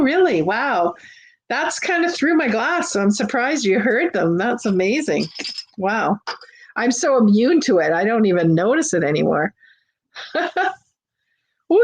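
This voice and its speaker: Slow-talking woman hosting a vintage sale. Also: fairly high pitch. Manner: chatty, unhurried, with frequent fillers and restarts. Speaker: host of a live vintage sale. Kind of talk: casual live-stream selling. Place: home on a busy street.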